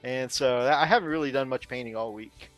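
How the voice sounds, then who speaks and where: A man's voice: mid-range voice, fairly quick, a bit bright, faint music behind. A man hosting a casual hobby podcast, easygoing and self-deprecating, swearing casually. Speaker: podcast host.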